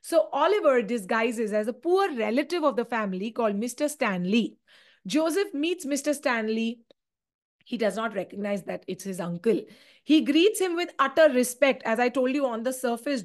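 A woman with an Indian English accent gives an exam-prep literature lecture. Her voice is high and her retelling is animated, with Hindi asides mixed in. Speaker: literature teacher.

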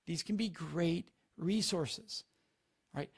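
Man with a high voice, emphatic and instructive, live-stream advice talk, repeats key points. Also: takes it slowly, husky. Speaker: speaker on preventing sexual assault, talking to a live audience.

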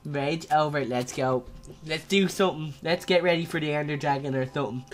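A man's voice: a little high, brisk, faint music behind. A young man hosting his own gaming channel, giving casual, jokey gameplay commentary and yelping and ranting at the game as he plays. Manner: excitable and jokey, yelps and rants at the game.

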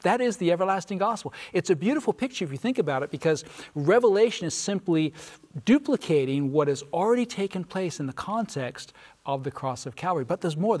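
A man's voice: high-pitched, a little mellow. A man on a church study panel, preaching a Bible lesson earnestly and emphatically, reading scripture verses aloud and posing questions to his listeners. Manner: pauses for listeners' responses. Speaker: Sabbath School panelist.

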